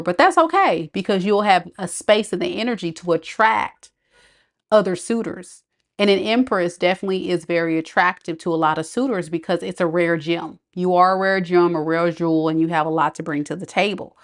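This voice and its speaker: A woman's voice: fairly low pitch, fairly quick. A woman tarot reader, chatting on a live stream, reading viewers' comments aloud and laughing often. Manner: chatty, reads chat aloud, frequent laughter.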